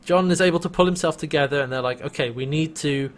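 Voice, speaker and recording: A man in casual chat, recapping a TV episode with a co-host, animated and quick to act out lines and laugh. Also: fairly high pitch. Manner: animated, acts out quotes, laughs often. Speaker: podcast co-host.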